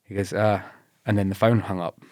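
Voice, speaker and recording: A fairly low-pitched man with a British accent talks through his stories in a relaxed, easygoing way. He often slips into livelier voices when quoting other people. The sound is dry and close, with no room echo. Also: brisk. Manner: laid-back, laughs often, quotes others in lively bursts. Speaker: podcast guest, former paratrooper. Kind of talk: casual storytelling interview.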